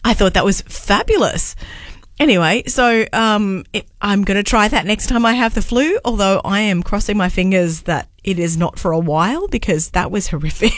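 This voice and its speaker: Slightly hoarse radio host woman. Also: mid-range voice, expressive, moderate pace, dry recording. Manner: chatty, laughing storyteller. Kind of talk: casual on-air chat. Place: radio studio. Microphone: studio microphone.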